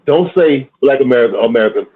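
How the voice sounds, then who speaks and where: A man cutting in loudly and insistently during a casual group discussion. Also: mid-range voice, lively intonation, fast, phone-quality sound. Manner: loud and insistent.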